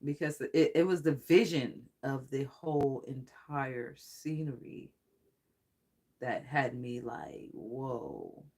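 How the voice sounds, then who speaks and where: Psychic reader, casual livestream, rambling, excitable, swears a lot, mid-pitched voice. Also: slow pace. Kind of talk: casual livestream tarot reading.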